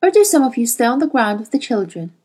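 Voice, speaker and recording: A woman's voice: on the high side, big pitch swings, fast talker, a little mellow, a little hiss or hum. A woman voicing a cold, commanding female interrogator with an imperious, coolly menacing manner. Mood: interrogating.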